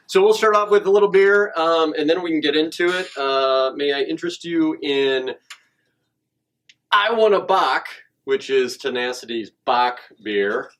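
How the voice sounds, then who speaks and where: A man hosting a podcast interview, relaxed and laughing often, with many fillers. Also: a little high, moderate pace, a little hiss or hum. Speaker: podcast host. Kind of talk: casual interview chat.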